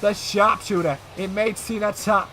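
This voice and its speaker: A man giving excited play-by-play commentary on a wrestling video game, often shouting and addressing the audience as ladies and gentlemen. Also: high voice, normal speed, faint music behind.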